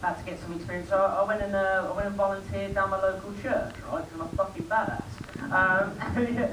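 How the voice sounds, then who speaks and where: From afar in a noisy, echoey comedy club, an eighteen-year-old man performs chatty, rambling stand-up, baiting the crowd and leaning on plenty of fillers. He talks fast, and his high voice keeps a level tone.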